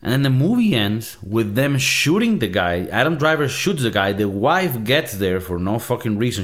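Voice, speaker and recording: A man hosting a movie review show, ranting in a casual, profane, exasperated way. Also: lowish voice.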